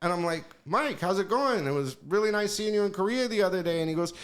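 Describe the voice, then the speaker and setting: A man on a podcast telling casual stories in an animated, profane way, acting out the voices of people he quotes. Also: high voice, fast talker. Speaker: podcast guest. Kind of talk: casual storytelling.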